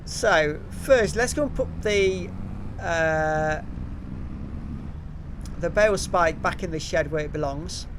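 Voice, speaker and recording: Middle-aged English streamer, higher voice, relaxed chatter full of ums, faint vehicle noise. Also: male voice, slow, pauses often. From England. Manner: chatty, reads out viewer comments, frequent ums and uhs. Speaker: live-streaming gamer. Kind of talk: casual live-stream chat.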